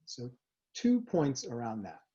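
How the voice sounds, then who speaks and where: An upbeat man coaching presenters straight to camera, his voice mellow and relaxed. He talks in an animated way, with quick asides and rhetorical questions. The recording sounds a little dull and lo-fi. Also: mid-range voice, breathy edge. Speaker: host and facilitation coach. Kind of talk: scripted talk to camera.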